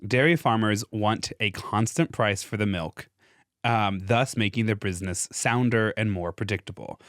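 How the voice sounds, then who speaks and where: A man's voice: on the low side, normal speed, a bit bright, no room sound, clean studio sound. A young man with a Midwestern accent, explaining a history topic in a loose, casual podcast chat, peppered with "like" and casual swearing. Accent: Midwestern American. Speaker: podcast host presenting research.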